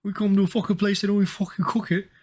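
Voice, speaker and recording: A man putting on a crude, loudmouth British man with an exaggerated Scouse accent, indignant and swearing. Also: high-pitched, flat delivery, very fast, pitched above the performer's own voice. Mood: outraged. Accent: put-on Scouse.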